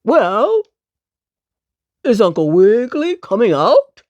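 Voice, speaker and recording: A woman voicing a kind, polite old male circus dog who marches as a soldier, calling out heartily in a slow, gravelly storybook voice. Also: medium pitch, wildly swooping pitch, darkish tone, dry recording, highs cut off, full character voice. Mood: hearty.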